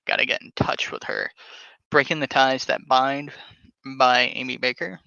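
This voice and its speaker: A man hosting a podcast, talking casually and haltingly while reading text aloud from his screen. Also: mid-range voice, fairly even intonation, vocal fry, pushed and bright, clean tone, dry recording. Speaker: podcast host. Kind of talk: casual screen-share talk. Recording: dull lo-fi sound.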